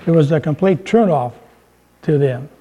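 A man delivers a sermon with a fairly high voice for a man. He talks to the congregation in a relaxed, conversational way, telling jokes and raising his pitch whenever he drives a point home. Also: normal speed, highs cut off. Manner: conversational preaching with humor, voice rising for emphasis. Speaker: pastor.

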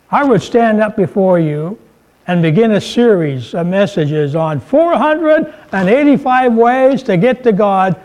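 A man's voice: high-pitched, darkish tone, low-quality recording. A man preaching a sermon in a conversational way, mixing humor and scripture and lifting his voice for emphasis. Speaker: pastor.

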